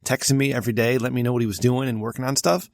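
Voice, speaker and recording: A man's voice: medium pitch, steady tone, rapid-fire, dry recording, clean studio sound. Brash profane male podcast host. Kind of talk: casual comedic chat.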